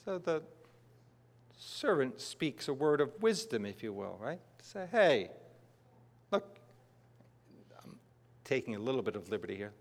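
In a large hall with long reverb, a man from northern New Jersey preaches a sermon in a sing-song, mid-range voice. His pace is measured with long pauses as he reads scripture and slips in conversational asides.

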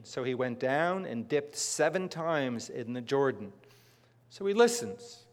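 A man from northern New Jersey giving a sermon, reading scripture and adding conversational asides. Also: medium pitch. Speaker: preacher. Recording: long reverb of a large hall.

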